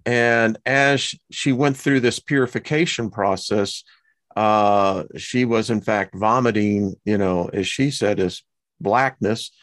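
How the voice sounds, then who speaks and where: A man hosting an interview show, speaking in an unhurried, hesitant way with frequent pauses. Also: lowish voice, a bit bright, no room sound. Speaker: show host. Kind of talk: interview host.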